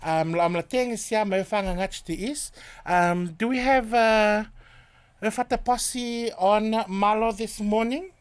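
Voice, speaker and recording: A man's voice: high-pitched, measured pace, clear, resonant tone. A man hosting a late-night radio show, chatting casually between songs and laughing often. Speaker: radio host.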